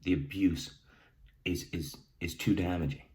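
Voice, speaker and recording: Low-voiced man giving blunt, emphatic advice. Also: fairly even intonation, noisy background. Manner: emphatic, repeats key phrases, says "right?" often; halting, restarts, clears throat often. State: emotional. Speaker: vlogger sharing personal experience. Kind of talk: earnest direct-to-camera advice talk.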